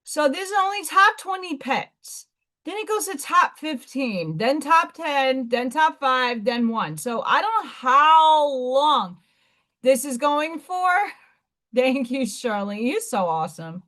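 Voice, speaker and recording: A woman's voice: sits high, expressive, slow, bright, forceful tone. A woman hosting a live stream, chatting casually in a rambling way with blunt asides. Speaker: livestream host.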